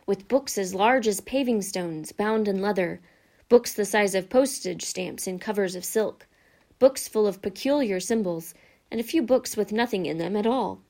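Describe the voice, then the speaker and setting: A woman narrating a children's fantasy book with steady, measured reading. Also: medium pitch. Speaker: audiobook narrator. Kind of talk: scripted narration.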